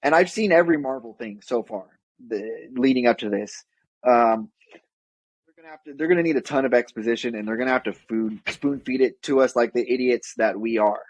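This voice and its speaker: A man's voice: mid-range voice, brisk, dry recording, poor audio. Rambling man, dry close sound. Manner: rambling, self-correcting, wry. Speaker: podcast co-host. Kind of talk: casual chat.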